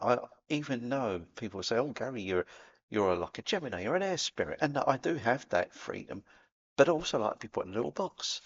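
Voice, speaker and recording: Man, Cockney accent, gravelly, casual vlog chat, lo-fi sound. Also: mid-range voice. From England. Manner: chatty and animated, with playful sound effects. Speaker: spiritual vlogger. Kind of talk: casual talk to camera.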